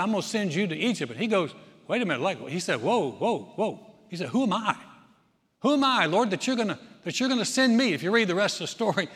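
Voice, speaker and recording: High-voiced man preaching in a reverberant hall. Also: a bit bright. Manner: conversational preaching, acts out quoted voices. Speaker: pastor. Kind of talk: sermon. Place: church hall.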